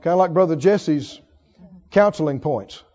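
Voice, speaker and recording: A man's voice: on the high side, lively intonation, unhurried, a little mellow. A man preaching a sermon as pastor, calling on the congregation for responses and building to emphatic exhortation. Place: church sanctuary. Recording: dull sound with long hall reverb.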